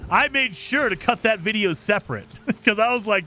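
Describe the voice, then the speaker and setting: This man streams a game and talks loosely with his audience, answering comments in the chat and using plenty of fillers. He speaks at a moderate pace in a high, lively, sharp-toned voice.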